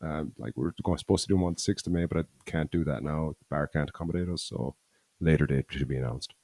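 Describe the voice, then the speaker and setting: A man's voice: very deep voice, quick pace, a little mellow. A man co-hosting a podcast in casual chat, easygoing and laughing, teasing his co-host. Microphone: handheld mic.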